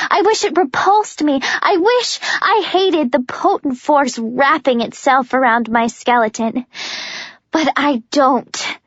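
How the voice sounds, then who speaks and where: A woman narrating a first-person audiobook in a high voice at a slow, deliberate pace. Her reading is intense and dramatic. The recording is dull and dry, with the voice close to the mic. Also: no room sound.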